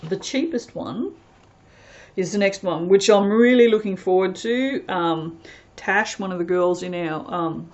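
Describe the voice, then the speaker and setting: A woman's voice: mid-range voice, measured pace, a little mellow, dull audio. A woman chatting casually as she reviews soap fragrances, rambling and reading product blurbs aloud. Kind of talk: casual unboxing chat.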